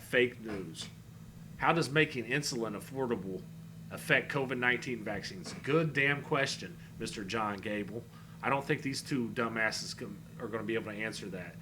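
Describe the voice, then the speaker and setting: A man's voice: fairly low pitch, normal speed, pauses often, noisy background. A man reading online comments aloud and answering them in a blunt, sarcastic way, swearing freely. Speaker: political commentary vlogger.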